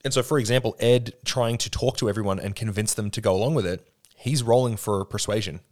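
A man's voice: fairly low pitch, fairly quick, darkish tone. A man in casual podcast chat who talks with enthusiasm, explains things at length and swears freely.

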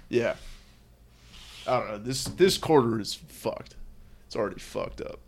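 A young man, a student, telling a story to a friend in animated casual chat, swearing often and acting out what people said. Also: medium pitch, a little slow, gravelly. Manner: animated storytelling, heavy swearing, quotes himself in raised voice.

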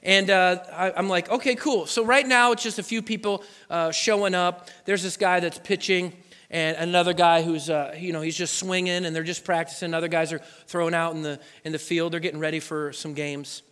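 Guy preaching from the stage, bright sharp voice, big echoey hall, acts out every bit of the story. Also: high-pitched, brisk, clear, resonant tone. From Oregon, USA. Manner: animated, acts out voices and sound effects. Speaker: pastor. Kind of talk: sermon storytelling. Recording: long hall reverb.

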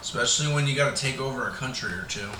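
A man's voice: medium pitch, very fast, echoey room, noisy background. A man hosting a podcast in casual chat, joking with profane banter. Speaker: podcast host.

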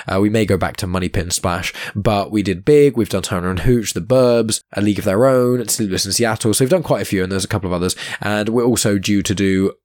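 Quick-talking male podcast host, hoarse and croaky, rambling casually through his sign-off. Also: fairly low pitch, a little mellow, no room sound, clean studio sound. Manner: chatty, rambling plugs with frequent fillers.

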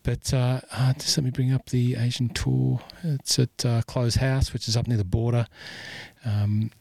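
A man's voice: medium pitch, flat delivery, a little slow, vocal fry, a little mellow, no echo. A man hosting a golf podcast in casual, rambling chat full of fillers. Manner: rambling, lots of fillers and "you know". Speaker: podcast host.

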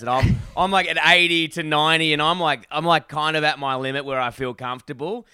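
Casting: Australian bloke, bright, clear voice, animated and foul-mouthed, dry close recording. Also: male voice, on the high side, brisk, hardly any pauses, no echo. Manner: animated, swears a lot, acts out his own inner voice. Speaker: podcast co-host. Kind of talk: casual storytelling chat.

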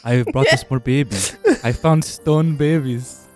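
A man's voice: medium pitch, normal speed, darkish tone, soft background music, natural voice. A man voicing a lovesick, lonely male seabird with pleading, mock-tragic lines. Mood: mournful.

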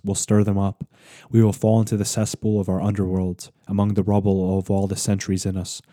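A man giving a solemn, measured dramatic reading of a visionary book. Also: lowish voice, warm tone, dry recording, studio quality. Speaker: reader.

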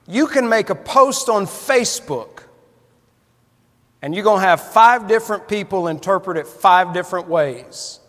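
A man's voice: high-pitched, lively intonation, unhurried, fairly bright tone. A man preaching a sermon, telling a folksy story and building to fervent emphasis. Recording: long hall reverb.

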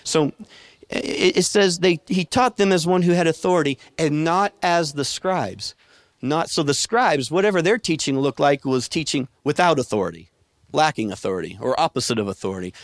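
In a church sanctuary before a congregation, a man preaches a sermon conversationally, telling stories and asking the room questions. His voice is a little high and a little fast, captured in a dry, clean studio-sounding recording.

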